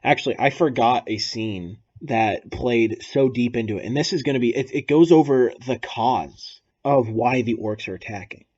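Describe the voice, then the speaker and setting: A man hosting a podcast, telling a long, improvised story in a rambling, deadpan way over casual chat. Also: mid-range voice, normal speed, hardly any pauses, breathy edge, lo-fi sound. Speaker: podcast host.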